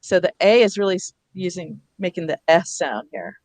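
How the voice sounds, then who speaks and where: A woman's voice: fairly low pitch, animated, moderate pace, darkish tone, no room sound. Woman presenter teaching phonics to teachers. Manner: explanatory, spells out letters and sounds. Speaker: reading workshop presenter. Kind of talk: teacher workshop instruction.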